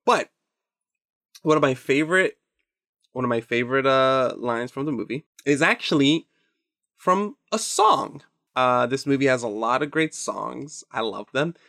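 A man's voice: mid-range voice, unhurried, gravelly, no echo. Young guy cohosting a movie podcast, gets hyped, laughs a lot, dry close mic. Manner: excitable, laughs a lot, swears. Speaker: podcast co-host. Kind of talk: casual movie podcast chat.

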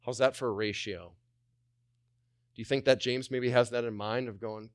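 A man's voice: medium pitch, brisk, no room sound, studio quality. A male pastor preaching a sermon with energy, repeating phrases and voicing the people he quotes. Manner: energetic, repetitive, voices the speakers he quotes.

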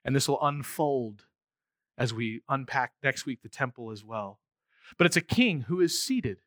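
A man preaching a sermon to his congregation. His delivery is animated, and he rises to near-shouts for emphasis. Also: medium pitch, unhurried, no room sound. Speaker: pastor.

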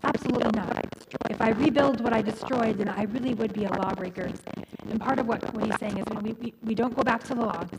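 A middle-aged woman pastor preaching a sermon in a conversational way, restarting phrases and adding humorous asides. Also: on the high side. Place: church. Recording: loud background noise.

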